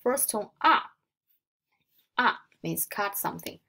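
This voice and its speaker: A young woman with a Mandarin accent, a native Mandarin speaker, walks beginners through a recorded language lesson. She talks slowly and explains step by step, modelling each tone aloud. Her low voice has a gravelly edge. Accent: Mandarin Chinese. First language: Mandarin Chinese. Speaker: Mandarin teacher.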